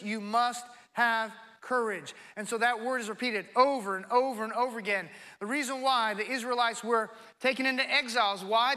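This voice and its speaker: A male pastor with a very high, bright voice preaches with rising emphasis. He hammers home repeated lines and tosses in self-deprecating asides to the room. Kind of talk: sermon.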